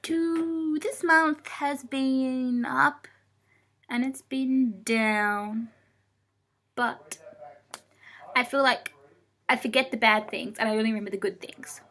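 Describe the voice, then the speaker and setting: A young woman tells a long story to camera in a casual vlog. Her voice sits a bit high and sounds bright and sharp. She rambles, swears freely and keeps breaking off to scold her cat. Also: steady tone, slow pace, long pauses. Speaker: vlogger.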